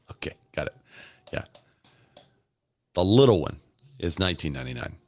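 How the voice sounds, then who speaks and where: A man with a deep, low voice gives easygoing live commentary, thinking aloud and answering viewers' comments. The sound is close and dry, with no room around it. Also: sing-song, moderate pace, no echo. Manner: casual, musing, chats with viewers in comments. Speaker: host. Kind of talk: live commentary on a keynote stream.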